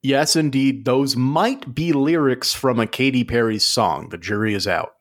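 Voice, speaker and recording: A man co-hosting a casual comedy podcast, delivering mock-serious jokes in a deadpan way. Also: mid-range voice, unhurried. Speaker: podcast co-host.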